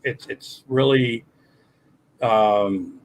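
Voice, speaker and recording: A man's voice: mid-range voice, very slow, low-quality recording. An older man on a livestream chat, rambling and cursing with many restarts. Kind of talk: casual chat.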